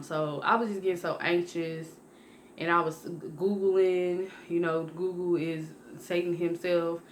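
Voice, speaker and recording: A woman's voice: on the low side, unhurried, a little hiss or hum. A young woman vlogger telling a personal story in a casual, rambling way, restarting and correcting herself often. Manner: rambling, conversational, with many restarts and self-corrections; lively when acting out her own past lines.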